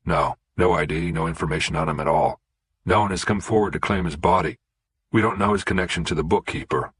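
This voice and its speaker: A man voicing a grave middle-aged male official who speaks in a measured, formal way. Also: sits low, fairly bright tone, slightly rough, dry recording, heavily acted.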